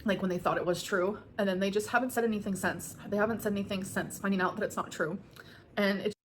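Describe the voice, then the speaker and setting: A woman in her thirties talks fast through a casual Q&A vlog and leans on fillers as she rambles. Her voice sits at a middle pitch and stays earnest, with an emotional undertone. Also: fairly even intonation, slight background noise. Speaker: vlogger answering viewer questions.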